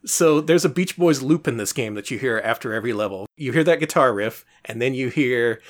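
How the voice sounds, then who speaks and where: A man's voice: mid-range voice, animated, brisk, hardly any pauses. A man co-hosting a casual podcast about retro games, explaining things in a wry, chatty way and laughing often. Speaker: podcast co-host.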